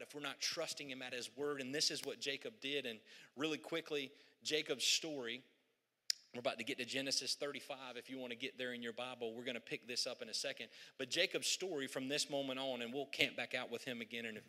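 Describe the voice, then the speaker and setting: A male pastor preaching to his congregation, chatty and joking as he retells old stories. His voice is bright and forceful, and it carries through a large reverberant church hall. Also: medium pitch. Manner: humorous, conversational, storytelling. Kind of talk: sermon. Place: church sanctuary.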